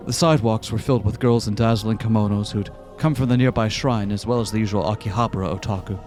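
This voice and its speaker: A man's voice: fairly low pitch, fast talker, a little mellow, soft background music. A man hosting a let's-play, reading a visual novel aloud in a casual way with joking asides.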